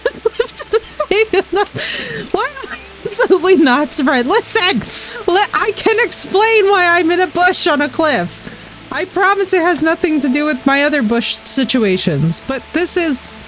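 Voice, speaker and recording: A high-voiced woman streams a game live, laughing often and swearing freely as she reacts. She talks to her chat in an unhurried, playful way. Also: low-quality recording. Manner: animated, laughing, swearing, chatting with viewers. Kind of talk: live gameplay commentary.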